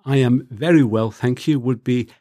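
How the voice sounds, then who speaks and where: A man hosting a radio language lesson in a studio, explaining clearly and carefully trying out new phrases. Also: medium pitch, moderate pace, dark tone, no echo. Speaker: radio program host and learner.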